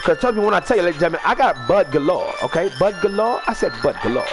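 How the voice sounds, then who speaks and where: A man with a high, gravelly voice hosts a fan-made wrestling show in loose, rambling chat. His pitch swings widely, and he draws out booming ring-announcer calls. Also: very animated, rapid-fire, music in the background. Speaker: host of a fan video-game wrestling show. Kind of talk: casual hosted recap with announcer flourishes.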